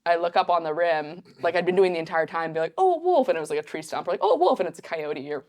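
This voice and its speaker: Young woman guest, lively storyteller, slightly low voice, acts out quotes. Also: rapid-fire. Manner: animated, acts out quotes, many fillers. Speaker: podcast guest. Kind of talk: casual storytelling.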